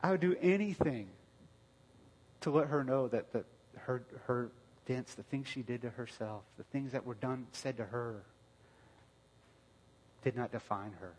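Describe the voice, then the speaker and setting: Husky man preaching in a reverberant hall. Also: medium pitch, measured pace, pauses often. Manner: storytelling, conversational, many restarts, bursts of loud outrage. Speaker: pastor. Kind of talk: sermon.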